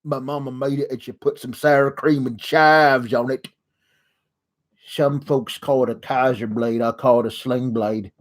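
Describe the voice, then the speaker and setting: A man's voice: medium pitch, fairly even intonation, a little slow, natural voice. A man voicing a simple, folksy male wrestler with an exaggerated Southern drawl.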